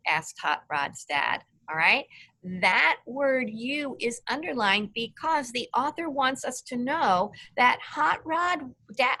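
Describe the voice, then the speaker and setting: Woman teacher, patient online reading lesson, slow and bright, slightly high voice. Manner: patient, clear, asks children questions by name.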